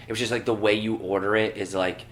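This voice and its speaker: Profane ranting man with a bright voice. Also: lowish voice, fairly even intonation, fast talker. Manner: profane, ranting, gets worked up. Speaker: podcast co-host. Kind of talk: casual podcast chat.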